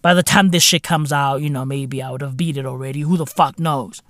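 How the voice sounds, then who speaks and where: A man hosting a podcast, ranting in a profane, excitable way and calling the listener bruv. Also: mid-range voice, fairly quick, dry recording, clean studio sound. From South Africa. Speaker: podcast host. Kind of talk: ranting monologue.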